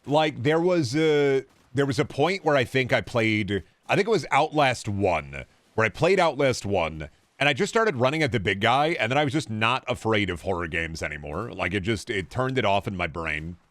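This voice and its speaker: A man's voice: mid-range voice, expressive, normal speed, a bit bright, no echo. A man in his twenties streaming a video game, chatting casually and answering his chat in a rambling, jokey, profane way. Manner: talks back to chat while playing. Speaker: gaming streamer. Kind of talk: casual gaming livestream chatter.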